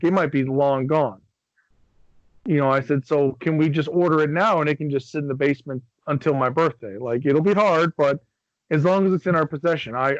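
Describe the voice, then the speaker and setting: In a dry recording with dull audio, a podcast co-host from Michigan, USA, a middle-aged man, chats casually through a long, rambling story. He swears freely and acts out what others said, in a voice that's a little high.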